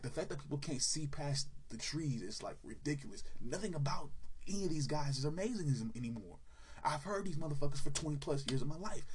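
A man's voice: medium pitch, breathy edge. A man delivering a blunt, profane, heated rant about music. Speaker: music commentator. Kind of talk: ranting opinion monologue.

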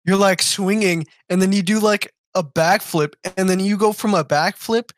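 A man's voice: high-pitched, steady tone, normal speed, no echo. A young man co-hosting a podcast, chatting casually in a rambling, enthusiastic way. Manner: rambling, enthusiastic, lots of fillers. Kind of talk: casual chat.

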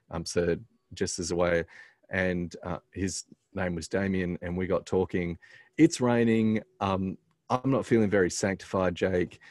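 A man, a pastor telling a story as a guest in a casual conversation, halting often with "um" and restarting his sentences. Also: deep voice, a little mellow, no echo.

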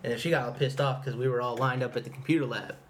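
Relaxed young man in casual chat. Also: medium pitch, very fast, a little hiss or hum.

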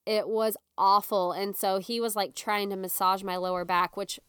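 A young woman casually telling a personal story, animated and full of "like", acting out what people said. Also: medium pitch, normal speed, smooth, no echo, clean studio sound. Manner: animated, acts out quotes, frequent "like". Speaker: guest telling her birth story.

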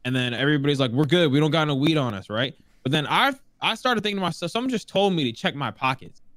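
A man casually telling a story, animated and jumping into different voices for the people in it. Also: on the high side, fast talker, no echo. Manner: animated, acts out voices in quotes.

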